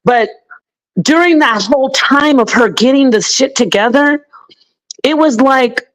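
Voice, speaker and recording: A woman in casual chat, telling an animated story and swearing freely while quoting people. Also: high voice, unhurried, low-quality recording.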